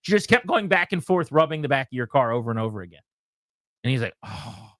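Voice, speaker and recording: A radio host tells a story in a casual, chatty way, playing every character himself, his bright, lively voice climbing high whenever he acts out what people said. He talks fast, and the sound is dry and close with no echo.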